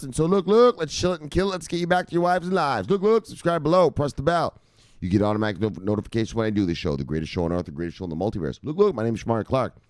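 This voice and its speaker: Lively, profane crypto show host, a man. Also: lowish voice, no echo, clean studio sound. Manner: excitable, profane, repeats "look, look", laughs often. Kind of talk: casual profane commentary.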